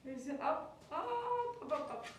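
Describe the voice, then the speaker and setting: A woman's voice: sits high, moderate pace, slight background noise. Cheery woman groomer cooing at a dog. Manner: coos and baby-talks to the dog, bursts into cheers. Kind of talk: live grooming chat with viewers. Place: grooming salon. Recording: echoey room.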